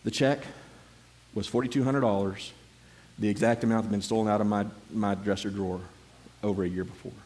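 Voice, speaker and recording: A middle-aged man gives a personal testimony to a church congregation, telling the story in an animated way with many restarts and repeated words. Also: fairly low pitch, a little fast. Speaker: church member giving a testimony.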